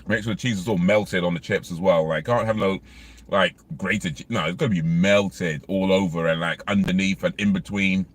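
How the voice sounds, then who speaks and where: A man's voice: deep voice, steady tone, normal speed. Chatty man rambling in his car. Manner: rambling, chatty, many fillers. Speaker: vlogger. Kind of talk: casual chat while eating in a car. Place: inside a parked car.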